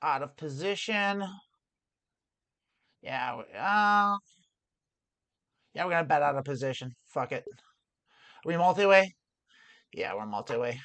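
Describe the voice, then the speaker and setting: While streaming poker, a woman explains each hand aloud and keeps restarting her sentences as she thinks. Her low voice is animated and fairly bright, at a measured pace with frequent pauses and no echo.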